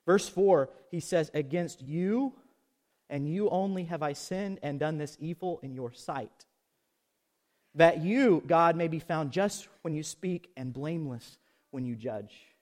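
A man preaching a sermon, swinging from loud emphatic peaks to soft low asides and leading the congregation in call-and-response. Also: unhurried. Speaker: pastor. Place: outdoors.

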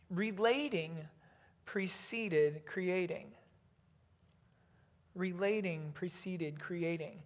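A pastor preaching a sermon in a deliberate way, dropping to a hush on key phrases and leading the congregation in reading aloud. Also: medium pitch.

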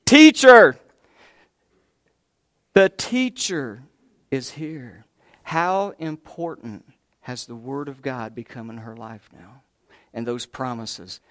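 A man's voice: medium pitch, slow pace, no echo, clean studio sound. A man preaching a sermon, telling the story with emphasis, putting questions to the congregation and talking to them directly.

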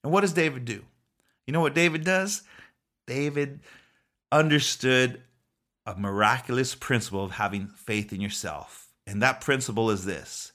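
A man's voice: medium pitch, normal speed, bright, forceful tone. A man preaching a sermon with emphatic, urgent delivery, often restarting and repeating phrases. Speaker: pastor.

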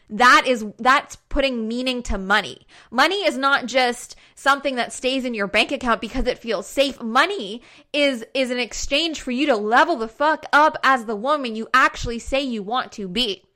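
Woman, young adult, emphatic motivational monologue, high-pitched, bright, casual swearing. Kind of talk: fired-up motivational monologue to followers.

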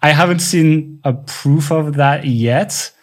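A French man, whose first language is French, co-hosts a podcast in a fairly high, slow voice with a French accent. He explains things in casual chat, thinking aloud and restarting his sentences.

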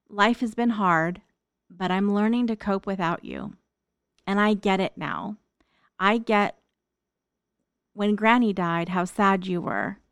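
A middle-aged woman delivers a heartfelt spoken monologue as an open letter to her late mother, addressing her directly in a tender, reflective tone. Her mid-range voice is smooth, and the studio-quality audio has no echo.

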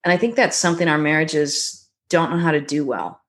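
A middle-aged woman, a guest on a talk show, telling stories about her marriage in a reflective, gentle way. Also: low voice. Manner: warm, reflective storytelling with gentle pauses. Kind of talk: conversational podcast interview.

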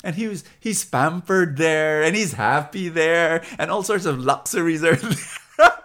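A Filipino-accented male preacher whose voice swings widely and keeps the pitch a touch high. He tells stories with emphatic repetition and an easy laugh. The tone is animated and earnest. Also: unhurried. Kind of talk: sermon with storytelling.

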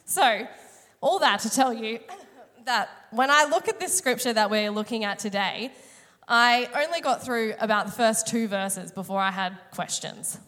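A woman's voice: fairly high pitch, unhurried, a bit bright. A woman, preaching a sermon through a chatty, self-mocking personal story, her voice a little strained today. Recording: long hall reverb.

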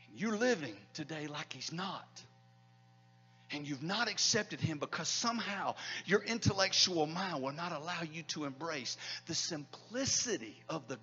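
A middle-aged male pastor preaching a sermon in a church hall, swinging between loud declarations and hushed near-whispers. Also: high-pitched, husky, muffled recording.

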